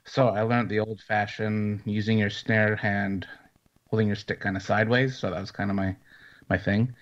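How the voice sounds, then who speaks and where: Low-voiced man on dull audio. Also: moderate pace. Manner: relaxed, hesitant with fillers. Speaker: co-host, paranormal investigator. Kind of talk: casual chat.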